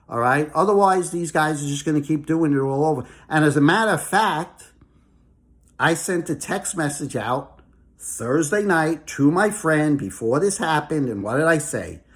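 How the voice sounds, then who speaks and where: Heated man ranting about markets. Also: on the high side. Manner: heated, emphatic, repeats "okay?" and "all right?". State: angry. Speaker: market commentator. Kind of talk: casual ranting monologue.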